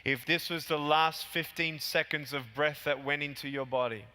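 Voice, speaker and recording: A man in his thirties giving a motivational keynote speech in a large convention hall, talking emphatically and climbing high on key points. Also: steady tone, normal speed, pushed and bright. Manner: emphatic, punchy, rises high when stressing points. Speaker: keynote speaker. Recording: hall reverb from arena PA.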